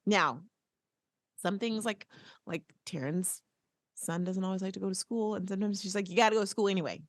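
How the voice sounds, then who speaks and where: A woman's voice: medium pitch, a little fast, no room sound, clean studio sound. A woman co-hosting a podcast in casual chat, playful and talkative. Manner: chatty, playful, slips into quoted voices. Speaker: podcast co-host.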